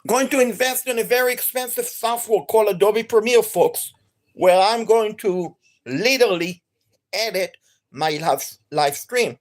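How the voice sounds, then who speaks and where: A woman with an accent, an energetic and enthusiastic gaming streamer chatting live to viewers. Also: medium pitch, unhurried. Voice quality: non-native accent.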